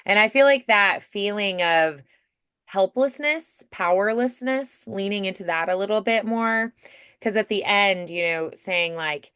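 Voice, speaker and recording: A woman's voice: mid-range voice, unhurried, fairly bright tone, smooth, no echo, studio quality. A woman coaching a voice acting student in casual, chatty feedback, full of "like" and "you know", often acting out example lines.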